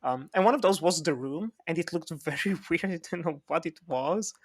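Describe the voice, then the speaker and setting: A man's voice: fairly high pitch, expressive, normal speed, breathy edge. A man hosting a podcast about books and films, talking casually and laughing often. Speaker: podcast host. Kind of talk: casual chat.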